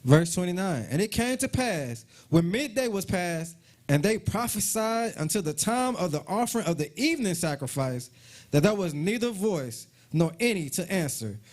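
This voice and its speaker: Lively high-voiced man reading scripture. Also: normal speed. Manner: steady reading of verses with verse numbers. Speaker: scripture reader.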